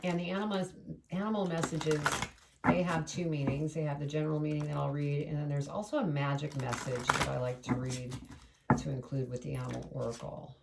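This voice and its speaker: Low gravelly woman doing a tarot reading. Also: steady tone, a little fast, far from the mic, heavy background noise. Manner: chatty, meandering, addresses spirit aloud. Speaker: tarot reader. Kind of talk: casual tarot reading to camera.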